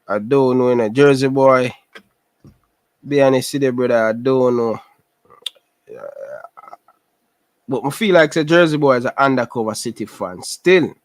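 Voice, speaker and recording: This Canada-based man with a Jamaican accent keeps a casual livestream chat going, calling out viewers by name and repeating himself. His mid-range voice moves at a moderate pace with frequent pauses, in a dry recording.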